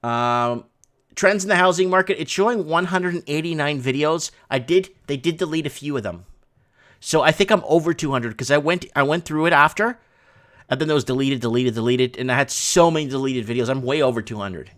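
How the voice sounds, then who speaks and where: A man hosting a casual livestream from a home studio, talking through chat messages in an excitable, rambling way. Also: on the high side, a little fast. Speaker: livestream host.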